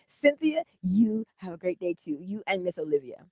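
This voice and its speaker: A woman hosting a casual livestream, laughing often and greeting her viewers by name, calling them honey, with a lively and unhurried manner. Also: mid-range voice, no room sound, studio quality. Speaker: livestream host.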